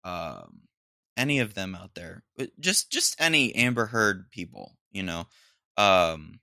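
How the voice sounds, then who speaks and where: A young podcast host rants solo in a low, animated voice that's a little slow and sharp in tone. He rambles with plenty of ums and restarts, tossing in crude jokes. The recording is dry and studio quality.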